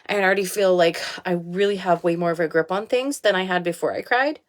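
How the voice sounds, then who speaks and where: Candid young mother talking low. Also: quick pace. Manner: candid, heartfelt, laughs easily. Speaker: life coach. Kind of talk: casual live video talk. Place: small home bathroom.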